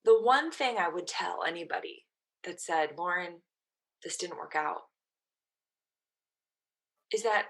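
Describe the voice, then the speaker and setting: Bright-voiced woman telling her story. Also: medium pitch. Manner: animated, quotes her own past thoughts. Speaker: guest, mental performance coach. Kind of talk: casual storytelling in a podcast interview.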